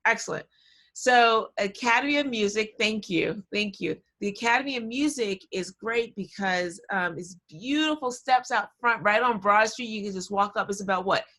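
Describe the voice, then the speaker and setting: Woman, storytelling talk, video call, animated, chatty, sidetracked, mid pitch. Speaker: guest speaker.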